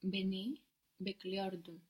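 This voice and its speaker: A woman's voice: medium pitch, level tone, slow pace, a little mellow, breathy edge. A woman learning a language, answering in short careful phrases.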